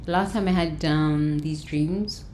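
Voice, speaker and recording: A woman hosting a guided breathing session and self-help talk, counting breaths slowly and soothingly, with loud sighs. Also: deep voice, a little hiss or hum. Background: faint instrumental music.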